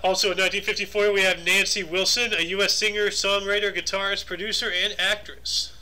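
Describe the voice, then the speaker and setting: A man's voice: sits high, little pitch movement, sharp tone. A man co-hosting a casual chat show, reading out a list of birthdays and joking about the names. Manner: jokey, reads lists quickly. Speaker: podcast co-host reading dates.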